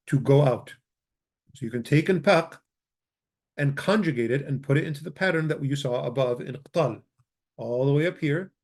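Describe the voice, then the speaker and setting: A man teaching a language grammar lesson, walking through examples and repeating words slowly and methodically. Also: mid-range voice, a little mellow.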